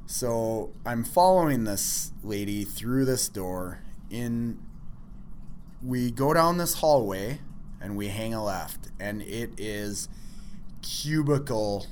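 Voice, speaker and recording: Animated man telling a personal story. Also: on the low side, slow pace, a little hiss or hum. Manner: animated, self-deprecating, many fillers.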